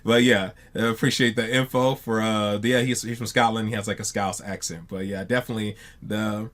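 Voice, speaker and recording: A man's voice: lowish voice, steady tone, fairly quick, hardly any pauses, a bit bright. A man hosting a reaction channel, chatting casually to his viewers, rambling and repeating words, often tacking "man" onto his sentences.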